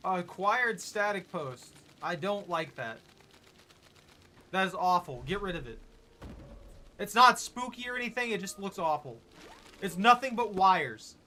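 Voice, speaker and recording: A man's voice: high voice, expressive, unhurried, long pauses, pushed and bright, a little hiss or hum. A man giving chatty, joking let's play commentary as he reacts to the game. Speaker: gaming video creator.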